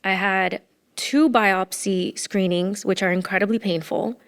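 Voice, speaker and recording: A woman in her thirties talks openly as a podcast guest, her voice sitting in an ordinary middle pitch. She rambles emotionally and leans on "like" as she goes. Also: fairly even intonation, unhurried, smooth. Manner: emotional, rambling with many "like" fillers. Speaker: podcast guest, former entrepreneur. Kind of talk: candid conversational storytelling.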